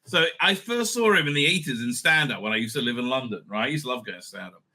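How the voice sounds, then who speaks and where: A middle-aged man hosting a casual TV review, excitable and blunt, swearing freely, laughing often and trailing off mid-thought. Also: medium pitch, fast. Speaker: show host reviewing TV episodes. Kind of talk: casual rambling review monologue.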